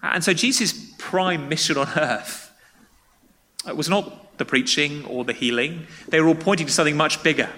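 A man preaches a sermon, his tone bright and forceful and pitched a little high. He talks conversationally and puts questions to the listeners. A long reverb hangs after his words, as in a large church hall. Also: normal speed, slight background noise. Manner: conversational, asks the congregation questions.

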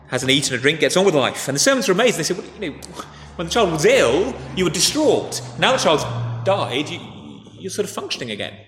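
Male preacher, chatty sermon delivery, recorded in a reverberant church hall with faint background noise. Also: medium pitch. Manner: conversational, animated retelling with frequent restarts.

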